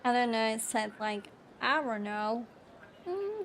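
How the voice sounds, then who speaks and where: Slow, chatty woman gamer. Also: fairly high pitch, very animated, a bit bright, slight background noise. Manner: chatty, rambling, with restarts. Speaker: gaming YouTuber. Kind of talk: casual let's-play commentary.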